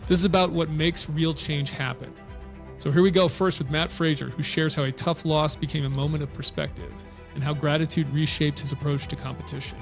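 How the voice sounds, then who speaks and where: Man, podcast host, gravelly voice, a bit high, faint music behind. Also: fairly even intonation, brisk. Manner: conversational, probing. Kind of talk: hosted podcast intro and interview questions.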